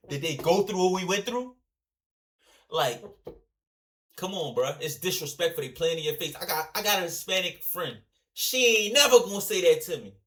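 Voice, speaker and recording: A man reacting to a clip in a loose, rambling commentary voice that sits somewhat high. He talks in slang, drifts into tangents and keeps turning to speak to his viewers directly. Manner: animated, rambling, slangy, repeatedly addresses viewers. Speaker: reaction video host.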